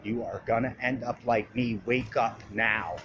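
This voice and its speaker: A stern woman from a dream scolds harshly, voiced by a man telling the story. She speaks lower and quieter than his own voice. The sound is muffled, with background hiss. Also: fairly even intonation, measured pace, close to an everyday voice. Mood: scolding. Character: stern dead ex-fiancée in a dream.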